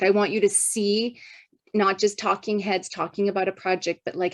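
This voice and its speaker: A woman's voice: on the low side, dry recording. A woman hosting a community video call, chatty and emphatic, laughing easily. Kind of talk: upbeat motivational call hosting.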